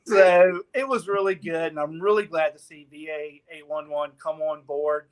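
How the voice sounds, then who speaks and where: A man, a guest on a talk show, telling an animated story and acting out the people in it. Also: on the high side, normal speed. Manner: lively, laughing, acts out the people in his story. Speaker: guest sponsor representative.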